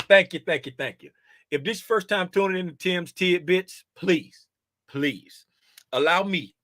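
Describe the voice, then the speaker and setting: A man's voice: sits high, a bit bright, dry recording. A man in his fifties hosting a casual trading livestream, joking and slangy and laughing often. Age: 50s.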